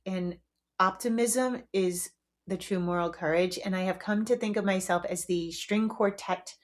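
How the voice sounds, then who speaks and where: A middle-aged woman hosting her own podcast, talking frankly and casually with the odd swear word. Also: medium pitch. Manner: frank and chatty, a swear here and there. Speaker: podcast host. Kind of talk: casual solo podcast talk.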